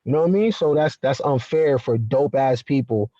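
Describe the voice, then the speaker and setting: A man with a mellow, warm voice, chatting casually and animatedly as a talk-show guest. His audio sounds dull and dry, like a remote hookup. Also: mid-range voice, moderate pace, no echo. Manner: animated, slangy, with repeated fillers. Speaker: podcast guest. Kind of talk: casual conversation.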